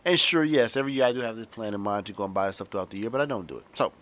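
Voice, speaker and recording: Lowish-voiced man on a sarcastic podcast rant. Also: expressive, very fast. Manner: sarcastic, profane ranting; shifts between loud emphasis and muttered asides. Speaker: podcast host. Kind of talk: comedic monologue.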